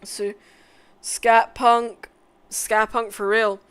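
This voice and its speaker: A woman making a casual music tier list, swearing often, mumbling asides and bursting into loud excited outbursts. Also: fairly high pitch, drawn-out words, smooth. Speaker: content creator.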